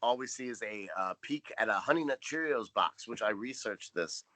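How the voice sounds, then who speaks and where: A man's voice: fairly low pitch, expressive, moderate pace, pushed and bright. A man co-hosting a podcast in casual chat, making dry, joking asides. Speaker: podcast co-host.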